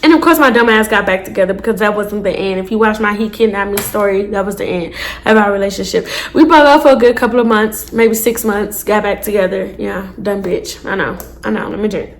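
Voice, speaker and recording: A woman, telling a storytime to her viewers in a casual, profane, animated way. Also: medium pitch, a little fast, a little hiss or hum. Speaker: storytime vlogger.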